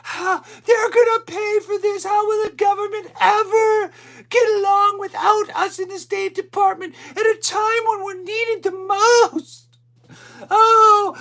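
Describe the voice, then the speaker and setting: A man mockingly voicing a sobbing, self-pitying laid-off government office worker in a weepy, melodramatic falsetto. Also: level tone, measured pace, a bit bright, heavily acted. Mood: mock sobbing.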